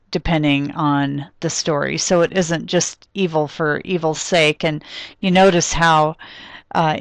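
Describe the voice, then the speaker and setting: Woman lecturer, low voice, dry sound, explanatory with ums and restarts. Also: creaky, no room sound. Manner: explanatory, thinks aloud with frequent ums and restarts. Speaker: literature lecturer. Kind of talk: recorded classroom lecture.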